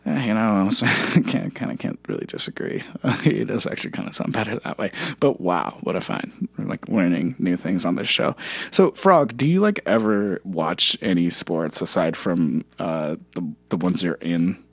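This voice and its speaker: A performer doing an impression of a solemn male film director with heavy vocal fry, speaking slowly and deadpan in improvised comedy banter. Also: low voice, no echo. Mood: dry.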